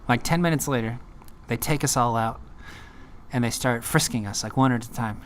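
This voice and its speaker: A laid-back man spinning a story in loose vlog fashion, his voice at an ordinary middle pitch. He rambles along, leaning on filler words. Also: moderate pace, a little hiss or hum. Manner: rambling, laid-back, full of "like" and "you know". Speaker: uncle telling his own story.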